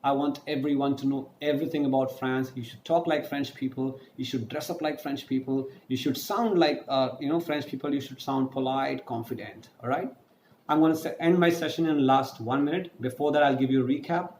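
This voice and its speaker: A male teacher giving a recorded online French lesson, explaining slowly, spelling words out letter by letter and answering his own questions. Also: mid-range voice, a little mellow. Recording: echoey room with faint noise.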